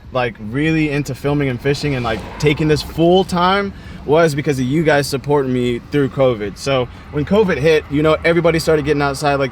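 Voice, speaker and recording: A man's voice: a little high, a little hiss or hum. A young man vlogging about fishing in a laid-back, casual way, dropping "man" and "bro" often. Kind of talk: casual vlog chat.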